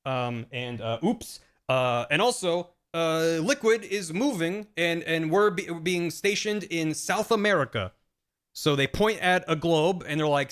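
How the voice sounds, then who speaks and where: A man's voice: a little high, measured pace, fairly bright tone, clear, resonant tone. A man casually retelling a video game plot on a stream, rambling with lots of fillers and restarts. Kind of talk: casual retelling with acted-out quotes.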